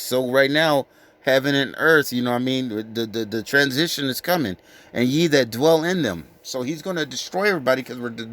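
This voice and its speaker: A man giving an informal sermon, reading scripture slowly and with weight, then breaking into blunt, profane street talk. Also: mid-range voice, fairly bright tone. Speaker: scripture teacher.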